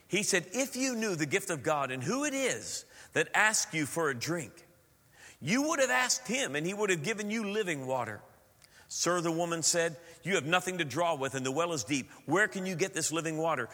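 Man, pastor preaching, bright forceful voice, long church reverb. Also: on the high side. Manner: animated preaching with playful asides. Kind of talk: sermon.

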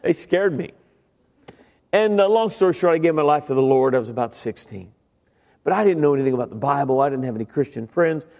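A middle-aged male preacher with a fairly high voice, delivering an animated, joking sermon full of acted-out stammers and impressions. His voice carries a long reverb from a large church hall. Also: fairly quick, creaky. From Italian-American family. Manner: animated storytelling, stammering impressions, self-deprecating humor.

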